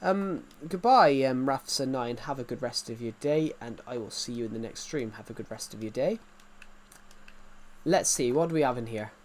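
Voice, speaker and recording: A man's voice: medium pitch, animated, normal speed. A young man chatting casually while livestreaming a game, rambling and poking fun at himself. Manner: rambling, self-mocking, easily sidetracked. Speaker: gaming livestreamer.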